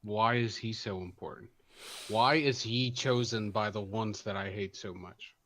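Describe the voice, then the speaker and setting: A man's voice: on the low side, steady tone, unhurried, fairly bright tone. A man playing a vengeful warrior. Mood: earnest. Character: vengeful male warrior bound to a demon.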